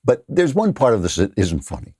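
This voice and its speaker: A man's voice: on the low side, wildly swooping pitch, a little fast, a little mellow, husky, no echo, clean studio sound. A man in his sixties hosting a political commentary show, mocking his targets with frequent laughs and emphatic repetition. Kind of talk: opinionated commentary monologue.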